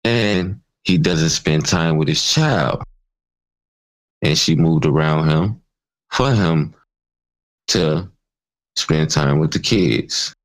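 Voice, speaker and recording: Slow, deep-voiced angry man ranting. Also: poor audio. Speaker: channel host. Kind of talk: ranting commentary vlog.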